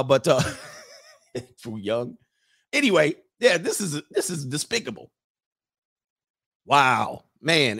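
Rambling joking man hosting a stream. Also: medium pitch. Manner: rambling, joking, reads viewer comments aloud. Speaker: livestream host. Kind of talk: casual livestream monologue.

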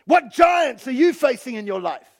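A male pastor giving an animated sermon and calling on the congregation to respond. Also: extremely high pitch, normal speed, vocal fry, shouting. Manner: animated preaching, calls on the congregation.

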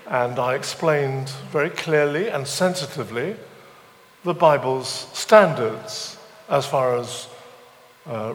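A man's voice: medium pitch, a little hiss or hum. Witty man preaching in an echoing hall. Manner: humorous storytelling, self-deprecating asides. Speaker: visiting preacher. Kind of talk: sermon. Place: church weekend away venue, large room.

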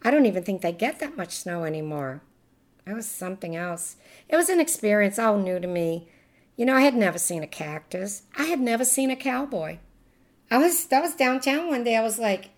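A woman's voice: a little high, lively intonation, normal speed. Older woman with a Cajun Louisiana accent. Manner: chatty, laughs often between stories. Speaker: interviewee. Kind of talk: oral history reminiscing.

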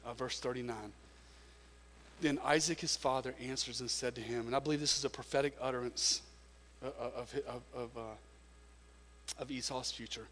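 A man's voice: mid-range voice, fairly even intonation, moderate pace, fairly bright tone, long reverb tail, slight background noise. A man preaching a sermon as a pastor, earnest and emphatic, often repeating words as he goes.

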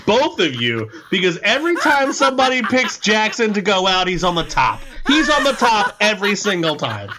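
Man, co-host, tipsy, laughing banter, slightly high lively pitch. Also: normal speed, slight background noise. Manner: laughing, defensive banter, cursing. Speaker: podcast co-host. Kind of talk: casual drunk podcast chat.

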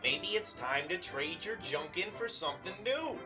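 A man's voice: a little high, very animated, normal speed, over music. A man voicing a brash car dealer in a spoof radio ad, with salesman patter. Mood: salesy.

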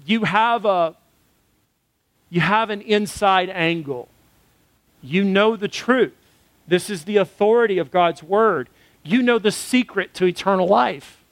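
Pastor guy preaching, kinda high voice, earnest storytelling, dry close sound. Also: dry recording. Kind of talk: sermon with personal story.

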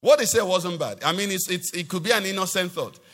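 Preacher guy, kinda high voice, lively sermon w/ lots of questions to the crowd, big echoey church sound. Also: brisk. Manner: animated preaching with rhetorical questions to the congregation. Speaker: pastor.

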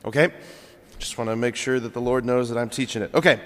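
Young priest telling a story in his homily, casual and chatty, lots of uhs and likes, big echoey church. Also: mid-range voice. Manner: conversational storytelling with frequent fillers. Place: large church. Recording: long church reverb.

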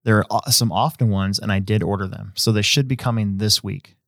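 Male podcast host, low voice, dry close sound, casual rambling delivery. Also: brisk, dry recording. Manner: rambling, relaxed, many fillers and restarts. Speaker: hobby shop owner.

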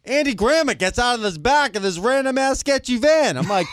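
A man co-hosting a podcast, telling a story in a lively, animated way with laughs. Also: very high voice, brisk, no echo, studio quality. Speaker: podcast co-host. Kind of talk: casual chat.

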